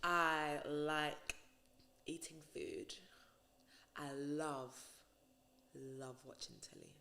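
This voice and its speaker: A woman's voice: low-pitched, lively intonation, drawn-out words, gravelly, bright, forceful tone. A woman, chatting casually as a podcast guest, laughing often. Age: 20s. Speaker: radio presenter, podcast guest. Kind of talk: casual chat.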